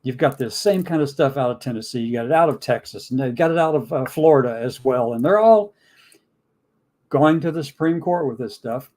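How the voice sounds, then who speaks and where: A man's voice: medium pitch, darkish tone. A man hosting a live news and talk stream, rambling, repeating himself and acting out the people in his stories. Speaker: host. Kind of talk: casual news commentary. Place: home studio, streamed live.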